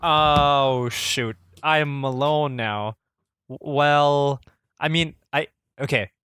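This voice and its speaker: A man's voice: fairly high pitch, steady tone, very slow, fairly bright tone, smooth, no room sound, studio quality. A man co-hosting a casual pop-culture podcast, easygoing and hesitant, with many fillers and restarts. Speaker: podcast co-host.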